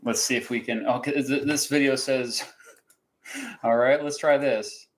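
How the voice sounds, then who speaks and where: A man's voice: medium pitch, fairly even intonation, unhurried, low-quality recording. Host, man, casual chat, rambling delivery with chuckles and fillers. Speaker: podcast host running a quiz.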